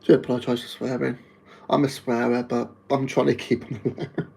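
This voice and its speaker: Gravelly man with a Wolverhampton accent. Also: medium pitch, level tone, normal speed, mellow, poor audio. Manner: rambling, chatty, laughs often. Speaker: live streamer. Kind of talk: casual live-stream chat.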